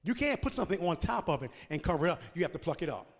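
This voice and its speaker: A man, a pastor, preaching a sermon that swings from shouted, sung climaxes to quiet, conversational asides. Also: a little high, sing-song, racing, big-room sound. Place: church sanctuary.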